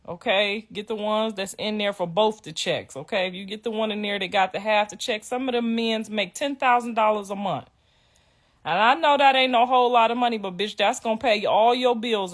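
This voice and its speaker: A middle-aged woman talking casually to viewers on a livestream, telling profane stories and laughing through her words. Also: medium pitch. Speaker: livestream host.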